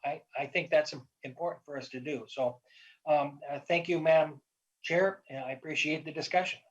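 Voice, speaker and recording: A man, a state legislator, giving measured, cautionary remarks in a committee hearing, with hesitant restarts. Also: fairly high pitch, steady tone. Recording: dull, lo-fi audio.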